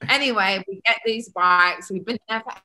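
An Australian woman in her twenties, a podcast guest telling a story in a casual, animated way, full of "like" and acted-out dialogue. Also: medium pitch, moderate pace. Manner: animated, peppered with "like", acts out quoted dialogue.

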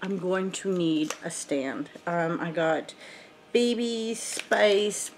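A woman's voice: fairly low pitch, takes it slowly, a little hiss or hum. A woman beauty vlogger chatting casually while unboxing, thinking aloud with lots of ums.

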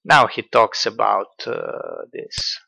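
A man giving casual political commentary in a halting, sardonic way, full of fillers. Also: lowish voice, creaky, bright, forceful tone.

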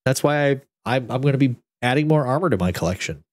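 A man's voice: medium pitch, expressive, quick pace, no room sound. A young man streaming, chatting casually and reading a kids' book aloud, rambling with restarts, close to the mic.

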